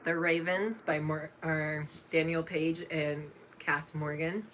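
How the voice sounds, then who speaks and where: Slow, bright-voiced young woman vlogger. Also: low voice, steady tone, slight background noise. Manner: slow and unhurried, often apologizing and laughing softly. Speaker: book vlogger. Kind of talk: casual reading-list vlog.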